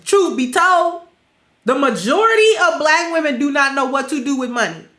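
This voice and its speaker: A woman's voice: high-pitched, expressive, moderate pace, pushed and bright, reverberant. A woman hosting a livestream, talking bluntly and preachily in a colloquial way, with a congested, stuffy nose. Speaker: livestream host. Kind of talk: opinionated livestream commentary.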